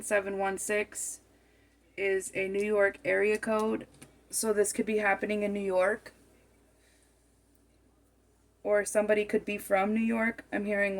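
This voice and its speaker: A woman reads tarot cards aloud in a loose, musing monologue. Her voice carries a gravelly fry, and she circles back to repeat and rephrase her words as she works through the spread. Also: mid-range voice. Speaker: tarot card reader.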